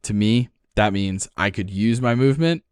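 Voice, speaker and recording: A man with a New Jersey accent, co-hosting a podcast and explaining game rules in casual, excited chat, swearing freely. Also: fairly low pitch, moderate pace, smooth, dry recording, clean studio sound. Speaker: podcast co-host.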